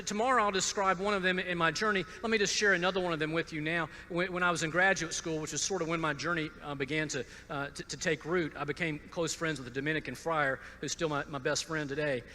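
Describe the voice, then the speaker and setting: Bright-voiced man giving a testimony. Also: fairly high pitch, in a large hall, a little hiss or hum. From Georgia, USA. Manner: halting, repeats words, wry asides. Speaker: speaker at a conference. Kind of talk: personal testimony talk.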